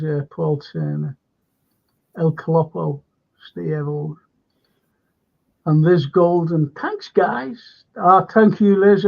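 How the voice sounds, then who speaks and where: A man's voice: fairly high pitch, creaky. A man hosting a livestream, chatting and rambling as he reads out viewer comments, laughing often. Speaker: livestream host. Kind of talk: casual chat, reading out viewer comments. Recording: dull lo-fi stream audio.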